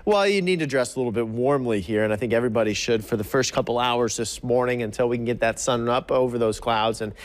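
A man's voice: medium pitch, fast talker, hardly any pauses. A man presenting a live TV weather forecast in an upbeat, conversational way, stretching words for emphasis. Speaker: TV meteorologist.

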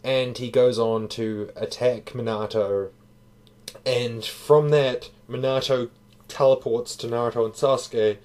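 A man's voice: medium pitch, fairly even intonation, unhurried, darkish tone. A man giving a casual spoken review, tired, talking loosely and profanely with fillers. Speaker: manga reviewer.

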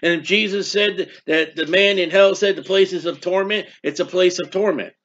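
High-voiced man preaching, lo-fi. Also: fairly bright tone. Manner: reads scripture slowly and emphatically, then explains in casual asides. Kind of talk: sermon, Bible teaching. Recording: dull lo-fi recording.

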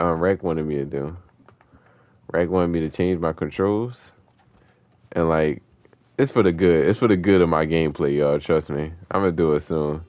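A man with a low, deep voice talks through an online gunfight as he plays. His speech is loose, slangy trash talk that breaks into excited yelps. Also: no echo, lo-fi sound. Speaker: gaming streamer. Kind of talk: live gameplay commentary.

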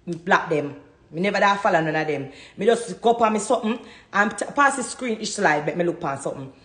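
A woman's voice: fairly low pitch, lively intonation, fairly quick, a bit bright, roomy sound. A woman with a Jamaican Patois accent, ranting to camera as a vlogger, fiery and defiant, hammering her points with repetition. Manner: fiery, defiant, repeats herself for emphasis. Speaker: social media vlogger. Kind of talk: heated rant to camera.

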